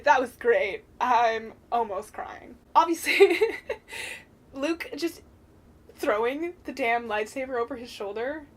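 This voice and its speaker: A young woman with a fairly high voice talks straight to camera in an excited vlog. She gushes about what she loved, swears casually, and jumps into squealing bursts when something thrills her. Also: a little hiss or hum. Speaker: vlogger. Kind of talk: excited film review vlog.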